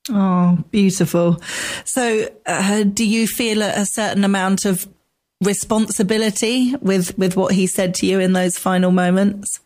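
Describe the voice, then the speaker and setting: Gentle woman interviewer. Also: medium pitch, fairly even intonation, a little slow. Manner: gentle, hesitant questioning. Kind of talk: conversational interview.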